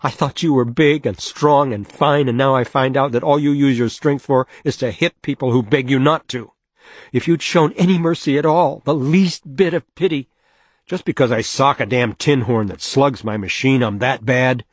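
A man doing a furious young woman with a husky edge. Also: normal speed, dry recording, natural voice. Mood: angry, accusing. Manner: sharp, accusing, pitched up.

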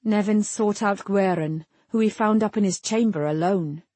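A woman narrates a fantasy audiobook in a steady, measured way. Her voice is mid-pitched and a little husky, recorded dry and close. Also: no echo.

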